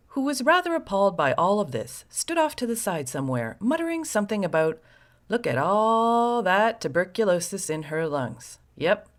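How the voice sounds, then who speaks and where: A woman host narrating a scripted story with sardonic, wry asides to the listener. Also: on the low side.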